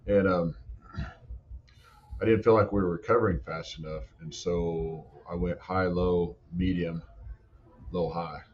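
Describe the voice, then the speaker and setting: Deep-voiced coach with dull lo-fi sound. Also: male voice, a little slow, pauses often. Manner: animated storytelling, many "like" and "you know" fillers. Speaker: football strength and conditioning coach. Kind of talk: casual podcast conversation.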